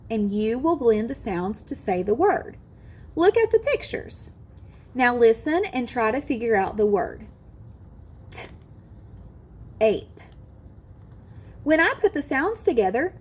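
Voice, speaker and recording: A woman with a high, breathy-edged voice teaches a slow, careful kindergarten phonics lesson. She draws out and exaggerates each sound of the words and offers sing-song encouragement.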